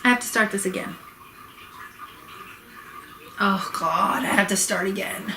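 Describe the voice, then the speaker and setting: A woman's voice: mid-range voice, extremely slow, pauses often, sharp tone, slight background noise, rough recording. A woman vlogging a heated personal rant to camera, swearing and exasperated, worked up and close to tears.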